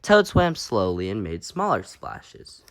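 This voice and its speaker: Expressive male storybook reader. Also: lowish voice, slow pace. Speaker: read-aloud narrator. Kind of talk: children's storybook read-aloud.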